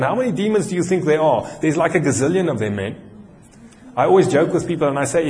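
A male pastor with a South African accent preaching a sermon, telling a story in an animated way and slowing down for emphasis. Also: on the high side. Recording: long hall reverb.

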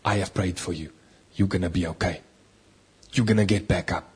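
A man voicing Jesus as a calm male figure, speaking softly and soothingly. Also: fairly quick, slightly rough. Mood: reassuring. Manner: soft, low, soothing.

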